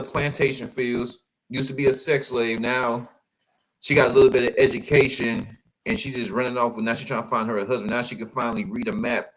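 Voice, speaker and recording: A man giving casual, animated commentary as he reacts to photos, calling out to his viewers. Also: mid-range voice, poor audio. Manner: animated, exclaiming, addresses viewers as y'all.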